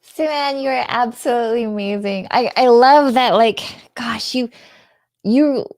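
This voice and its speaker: A woman's voice: a little high, unhurried, darkish tone, no echo, studio quality. A woman guest author in a casual interview, bubbly and gushing, laughing often.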